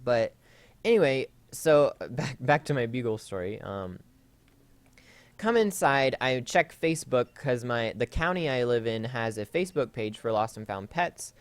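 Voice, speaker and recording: Male Let's Play host, mid-pitch, smooth, dry close sound; rambling, casual storyteller. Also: animated, measured pace, dry recording. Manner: rambling, with frequent fillers and self-corrections. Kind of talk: casual storytelling while playing a game.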